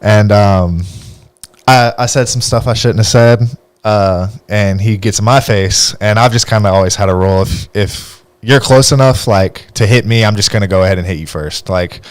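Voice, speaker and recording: Low-voiced young man telling stories. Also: moderate pace, dry recording. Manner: laughs often while telling stories. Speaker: podcast host. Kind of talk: casual storytelling.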